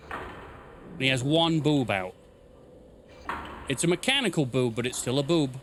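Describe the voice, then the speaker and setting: A man's voice: medium pitch, lively intonation, a little slow, long pauses, background noise. A man streaming a game live, making wry, joking asides as he plays. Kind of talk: live gameplay commentary. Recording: game music playing loudly behind.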